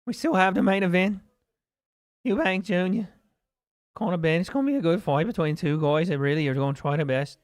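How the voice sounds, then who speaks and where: A man's voice: sits high, brisk. A man hosting a livestream watch party, talking loosely with chat, swearing and laughing as he reacts to the fights. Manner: loose, profane, laughing, chatting with viewers. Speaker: livestream host. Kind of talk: casual live reaction commentary.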